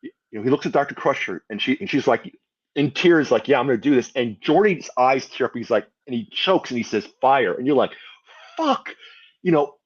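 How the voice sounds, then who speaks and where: A man chatting as a podcast guest, acting out scenes he retells and swearing freely. His average-pitched voice swings widely in pitch, and the audio sounds dull and lo-fi. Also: expressive, a little fast, husky. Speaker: guest panelist. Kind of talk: casual podcast chat.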